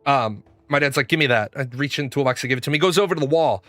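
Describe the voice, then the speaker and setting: A man's voice: medium pitch, very fast, a bit bright, no echo, faint music behind. A man hosting a gaming show, telling stories in a casual, blunt and profane way, rambling as he goes. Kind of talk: casual livestream storytelling.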